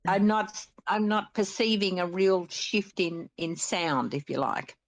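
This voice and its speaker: A woman's voice: fairly low pitch, lively intonation, measured pace. Older Australian woman, hesitant and thoughtful. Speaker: guest. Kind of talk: casual chat.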